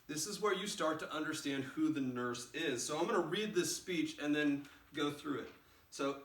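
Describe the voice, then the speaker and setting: Guy teaching a play scene, chatty, bright voice, echoey room. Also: fairly high pitch, a little slow. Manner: casual and animated, acts out lines. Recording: roomy sound, mic far off.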